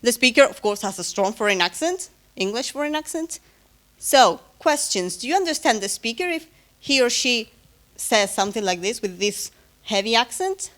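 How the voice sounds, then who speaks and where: A woman's voice: on the high side, expressive, normal speed, fairly bright tone. A woman, an English speaker, giving a conference closing talk in a hesitant way, with many fillers, self-corrections and light humor. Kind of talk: academic conference presentation.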